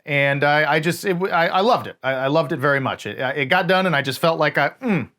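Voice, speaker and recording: Measured, hesitant male film reviewer. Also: on the high side, bright, forceful tone. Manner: hesitant, measured, many restarts. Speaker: podcast co-host. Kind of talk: casual movie review chat.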